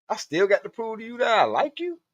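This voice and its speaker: Brisk and very animated, a high-voiced man hosts a live stream, casually cursing and rambling while talking to his chat. The audio is dull, dry, and lo-fi with no echo.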